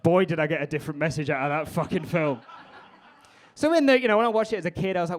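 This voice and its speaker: A comedian in his twenties does a stand-up routine with crowd work before a live comedy club audience. Chatty and rambling, he curses a lot, speaking at a quick pace in a fairly high-pitched voice.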